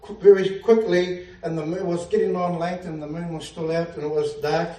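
A man's voice: high voice, little pitch movement, moderate pace, dark tone, recorded from a distance. A man preaching a fervent sermon, often exclaiming hallelujah and laughing at his own jokes. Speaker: pastor. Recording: echoey room, speaker away from mic.

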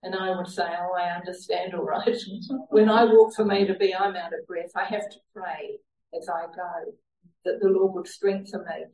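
A woman's voice: fairly low pitch, fairly even intonation, normal speed, dark tone. A woman sharing a personal faith testimony, telling her story earnestly and laughing now and then. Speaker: church member sharing a testimony. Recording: roomy sound from a distant mic.

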